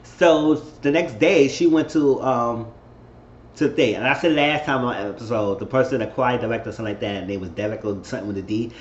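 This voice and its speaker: A man giving a casual, animated recap of a TV episode, retelling scenes and acting out the characters' lines with laughs along the way. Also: medium pitch, fairly quick, slight background noise. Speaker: show recap vlogger. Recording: roomy dull home recording with faint ambience.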